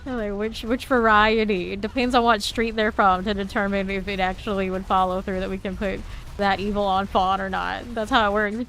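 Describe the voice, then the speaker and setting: Gravelly-voiced woman with a light Southern drawl. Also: medium pitch, little pitch movement, normal speed, fairly bright tone, a little hiss or hum. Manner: chatty and self-teasing, talks to chat while playing, laughs often. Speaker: streamer. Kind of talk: casual gameplay commentary, chatting with viewers.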